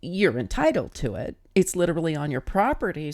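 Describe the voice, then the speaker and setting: Low-pitched woman cracking jokes on a podcast call, dry sound. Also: big pitch swings, normal speed, darkish tone, no echo. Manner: playful, reacting with jokes. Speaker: podcast co-host. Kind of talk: casual podcast chat.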